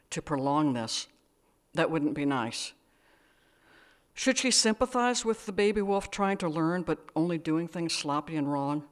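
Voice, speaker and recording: Woman author, live reading, dry and wry, hesitant asides. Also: sits low. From United States. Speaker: author reading her work.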